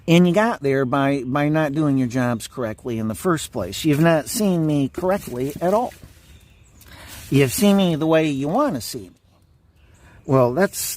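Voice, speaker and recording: A man's voice: medium pitch, darkish tone. A man delivering an angry, repetitive monologue, insulting and swearing at his listeners. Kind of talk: ranting monologue to camera.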